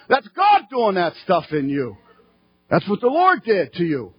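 A man preaching a fervent sermon in church, his voice rising to shouting at its peaks. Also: high-pitched, very animated, normal speed, breathy edge, lo-fi sound.

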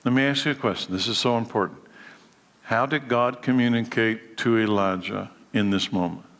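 A man's voice: mid-range voice, normal speed, a bit bright, long reverb tail. A man preaching a sermon, asking many rhetorical questions and acting out the dialogue in the story. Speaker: pastor.

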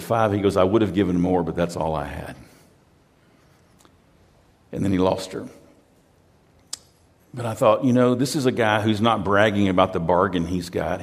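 A man's voice: fairly low pitch, normal speed, long pauses, in a large hall. A pastor from the United States preaching a sermon in a conversational, storytelling way, often repeating words as he restarts.

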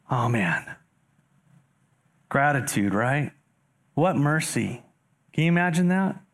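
A mid-range-voiced pastor preaches extremely slowly, with long pauses, reading scripture verses aloud and explaining them. He speaks directly to the congregation, rising animatedly for emphasis and asking rhetorical questions.

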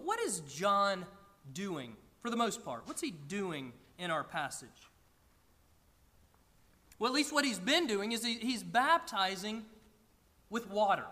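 A man preaches from the pulpit in a high, ringing voice. He sounds earnest and often stumbles over repeated words as he works toward his point. His voice echoes with the long reverb of a large church hall. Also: sharp tone. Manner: earnest, with frequent stammered restarts. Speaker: pastor. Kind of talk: sermon. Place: church sanctuary with a congregation.

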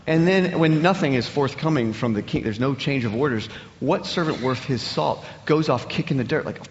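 A man preaching a sermon in an animated way, often repeating words as he builds up. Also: mid-range voice, moderate pace, hardly any pauses, in a large hall, lo-fi sound, a little hiss or hum. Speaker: pastor.

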